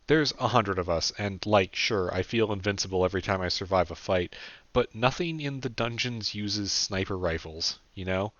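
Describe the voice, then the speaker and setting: A man's voice: on the low side, moderate pace, fairly bright tone, no echo, natural voice. A man voicing a candid young man who rambles casually and swears freely, in an audiobook. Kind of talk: audiobook character voice. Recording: dull dry lo-fi recording.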